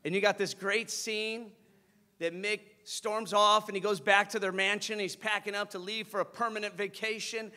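Male pastor, animated sermon storyteller, bright forceful tone. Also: high voice, moderate pace. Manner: animated storytelling, acting out scenes.

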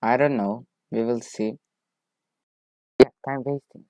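A man talks through a football management game he is playing. He drawls along slowly, then breaks into excited shouts of player names at big chances. His voice sits dry and close to the mic. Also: mid-range voice, no room sound. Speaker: gaming video creator.

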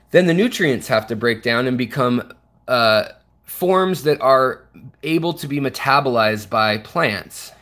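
Man, aquarium hobbyist, casual tutorial, rambling, lots of fillers, mid-pitched, showing off his tank indoors. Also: a bit bright. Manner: loose and rambling, with frequent fillers and restarts; shows and points at parts of the tank while explaining. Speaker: aquarium channel host.

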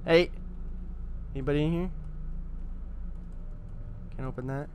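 Excitable slangy young gamer guy. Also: fairly high pitch, measured pace, a little hiss or hum. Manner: excitable, slangy, talks to viewers. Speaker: gaming YouTuber. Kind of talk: casual horror gameplay commentary.

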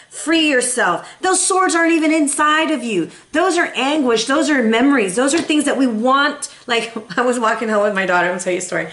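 A woman in her thirties reads tarot in a chatty, heartfelt way, wandering into asides. Her voice sits a little high. The room around her is echoey. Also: fairly bright tone. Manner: chatty and emotional, with rambling asides. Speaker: tarot reader. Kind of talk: casual tarot reading.

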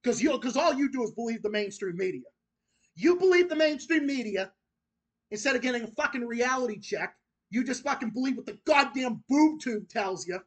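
A man's voice: very high voice, animated, a little fast, husky. A man hosting his own channel, delivering an angry, profane, repetitive rant that goes straight at his critics. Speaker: channel host.

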